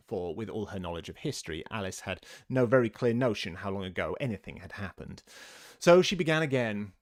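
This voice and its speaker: A man reading a children's classic aloud in an expressive storybook narration. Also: fairly low pitch, fairly quick. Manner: animated, lively reading voice.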